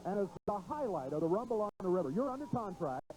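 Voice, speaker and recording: A man's voice: high voice, big pitch swings, fast, a little mellow, poor audio. A man hosting a TV wrestling show, lecturing a guest in a stern way. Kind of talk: TV wrestling interview.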